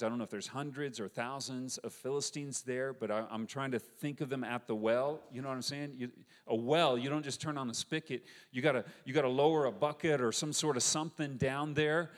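A man preaching a sermon, retelling a story with animated, conversational energy and acting out the quoted voices. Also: mid-range voice. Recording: long hall reverb.

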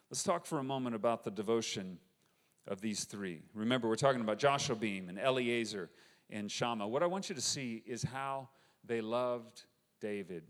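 A man preaching a sermon, retelling a story with animated, conversational energy and acting out the quoted voices. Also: medium pitch. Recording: long hall reverb.

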